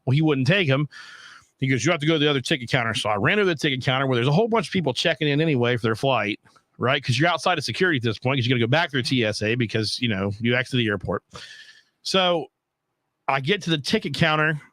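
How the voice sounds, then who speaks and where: Man, podcast host, swearing a lot, animated, dry close sound. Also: medium pitch, fast, no echo. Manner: profane, animated ranting. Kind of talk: casual storytelling.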